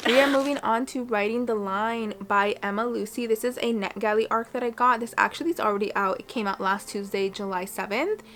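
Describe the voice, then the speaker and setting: A woman's voice: medium pitch, fairly bright tone, slight background noise. A young woman in her twenties chatting casually on a book vlog from her reading corner at home, gushing and emotional. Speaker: book vlogger.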